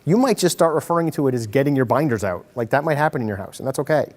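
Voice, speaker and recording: A man presents a workshop to a room of parents, animated and quick to act out little scenes. His voice sits in a middle pitch and carries a long hall reverb. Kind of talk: lively workshop talk to parents. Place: meeting room. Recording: hall reverb from a community-TV taped talk.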